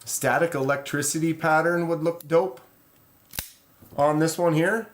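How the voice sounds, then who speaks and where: A man's voice: a little high, a little slow. Laid-back man rambling on a live stream. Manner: relaxed, rambling, reads chat aloud. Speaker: knife channel host. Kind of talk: casual live stream chat.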